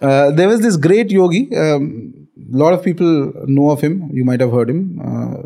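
A middle-aged man with an Indian accent, a spiritual author appearing as a guest, explains spiritual ideas through a story on a storytelling podcast, sprinkling in fillers and Hindi words. His voice is on the high side, expressive and gravelly with a warm tone, at a measured pace.

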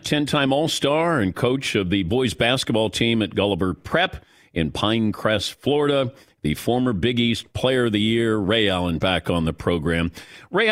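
A man hosting a sports radio show, asking questions in a quick, teasing, curious way. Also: medium pitch, a bit bright. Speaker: radio sports talk host. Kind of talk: casual radio interview. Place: radio studio.

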